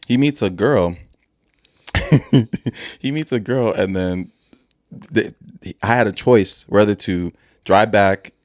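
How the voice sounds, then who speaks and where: Deep-voiced man telling a story. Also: slow, pauses often, dry recording, studio quality. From Wisconsin. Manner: rambling, self-correcting storyteller. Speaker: podcast co-host. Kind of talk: casual chat, storytelling.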